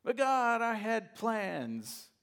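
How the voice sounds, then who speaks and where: A man's voice: sits high, big pitch swings, very slow, gravelly, a bit bright, pitched above the performer's own voice, full character voice. A man voicing a whiny adult man who pleads and stammers through excuses. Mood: pleading. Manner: stammering, whining.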